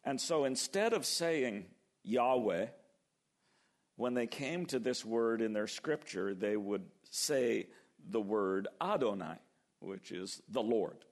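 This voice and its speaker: An older man preaching a sermon, lively and acting out the quoted voices as he goes. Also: on the low side, takes it slowly. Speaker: pastor.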